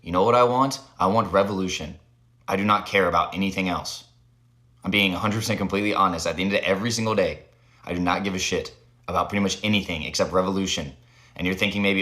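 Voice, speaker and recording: A man's voice: deep voice, fast, bright, forceful tone. A man talking bluntly and fervently to camera in a casual monologue.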